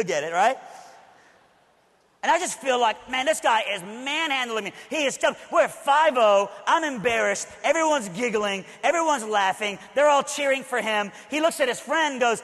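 High-voiced man preaching in a hall. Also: a bit bright. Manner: conversational, with frequent asides to the audience. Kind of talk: personal storytelling sermon. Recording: long hall reverb.

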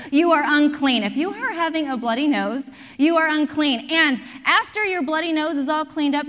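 A middle-aged woman pastor preaching a sermon, telling lively stories and drawing the congregation into call-and-response. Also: high-pitched, long reverb tail.

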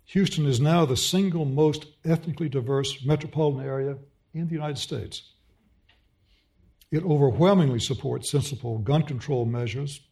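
A man's voice: medium pitch, warm tone. Man with a mild Austin, Texas accent. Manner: fluent storyteller with a dry wit. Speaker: professor and interviewer. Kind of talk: onstage conversation.

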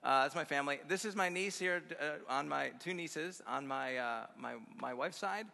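A man preaches to a college audience in a sermon full of personal stories, upbeat and effusive, often chuckling. His voice sits fairly high, bright and forceful with a gravelly edge. The sound rings with the long reverb of a big hall. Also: normal speed. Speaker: guest speaker at a college chapel conference. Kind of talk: conference sermon with personal storytelling.

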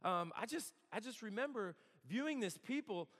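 A man's voice: high-pitched, lively intonation, normal speed, fairly bright tone. A man in his thirties giving a storytelling sermon, conversational and earnest with touches of humor. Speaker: campus worship speaker. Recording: long hall reverb.

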